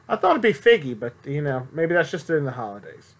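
A man's voice: fairly high pitch, big pitch swings, a little fast. A young man chatting playfully and rambling as he plays a game show video game. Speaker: gameplay commentator. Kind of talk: casual gameplay commentary.

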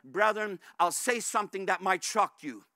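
Fervent high-voiced male pastor preaching. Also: animated, normal speed, no room sound. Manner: fervent, repeatedly calls out "brethren"; rises to shouts at climaxes. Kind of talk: sermon.

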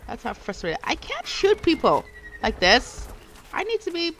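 A woman's voice: high voice, huge pitch swings, unhurried, fairly bright tone, soft background music. A woman streaming a video game, talking to herself as she plays and breaking into panicked shrieks when attacked. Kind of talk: live gameplay commentary.

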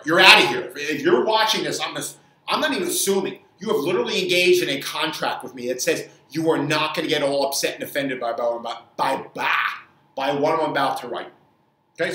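A man's voice: fairly high pitch, a bit bright, distant mic. A man who works as a fitness trainer, giving an angry, profane opinion rant with many stumbles and repeated words. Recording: echoey room, voice off mic.

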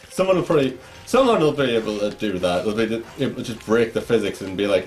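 A man's voice: lowish voice, animated, fast talker, soft background music. A young man giving frustrated, swearing let's play commentary while gaming. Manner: frustrated, swearing, shouting at the game. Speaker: gaming YouTuber.

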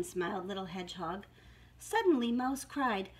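A woman's voice: medium pitch, moderate pace. A woman reading a storybook aloud to young children in a sing-song manner.

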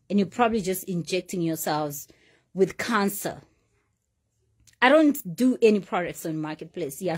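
A loud, confident woman in her forties talking casually and emphatically to her followers. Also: medium pitch. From Uganda. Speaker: social media personality. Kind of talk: casual talk to camera, addressing followers.

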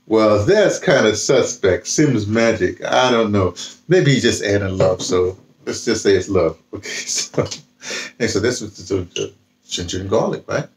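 A man with a low voice talks casually about novels he has been reading. He rambles and restarts his sentences often. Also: lively intonation, unhurried, slight background noise. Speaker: vlogger. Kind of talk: casual book talk with reading aloud.

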